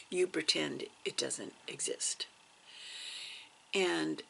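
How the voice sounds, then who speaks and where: A woman vlogger telling a story in a casual, animated way, dropping to hushed asides for drama. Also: low voice, vocal fry, breathy edge. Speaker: cross stitch vlogger.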